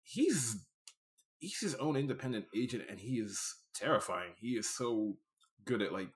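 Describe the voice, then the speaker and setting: A man co-hosting a casual film review chat, animated and laughing as he mimics scenes. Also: mid-range voice, moderate pace. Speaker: podcast co-host.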